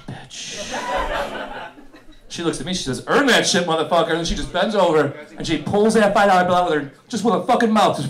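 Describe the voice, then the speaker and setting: High-voiced man doing profane stand-up. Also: background noise. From Buffalo, New York. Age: 30s. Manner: loose, profane, self-mocking storytelling. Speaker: stand-up comedian. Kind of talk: stand-up comedy set. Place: comedy venue with live audience.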